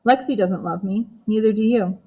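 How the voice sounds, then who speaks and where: Therese, a meek young girl, as voiced by a woman reading an audiobook, quiet and tearful. Her voice is soft and plain, at a medium pitch, in storybook reading. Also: moderate pace, slightly rough, close to an everyday voice. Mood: hurt.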